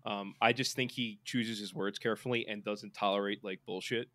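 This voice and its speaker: A man's voice: lowish voice, fairly even intonation, fairly quick, a bit bright, dry recording, clean studio sound. A man co-hosting a podcast in casual sports chat, rambling with lots of fillers and restarts. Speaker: podcast co-host.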